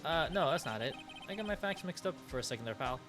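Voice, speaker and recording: A man voicing a gruff, bumbling male police detective who talks in a blustery way. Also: fairly high pitch, animated, fast, close to an everyday voice. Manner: blustery, says "pal" a lot. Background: game music.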